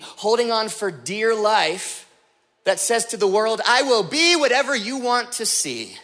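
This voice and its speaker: A man preaching as a pastor, telling jokey stories and slipping into put-on voices before making his point. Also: high-pitched. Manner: joking, animated storytelling with put-on voices. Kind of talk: comedic sermon.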